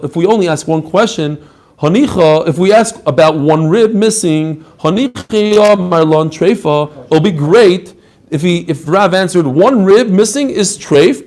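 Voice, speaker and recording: A man teaching a lively Talmud class, mixing in Hebrew and Aramaic terms and acting out the rabbis' answers. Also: sits high. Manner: animated, mixes Hebrew and Aramaic terms, acts out quoted answers.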